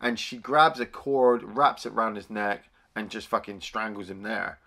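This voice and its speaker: A man co-hosting a film review podcast in casual chat, animated, swearing freely and acting out scenes. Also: fairly low pitch, normal speed, gravelly. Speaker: podcast co-host.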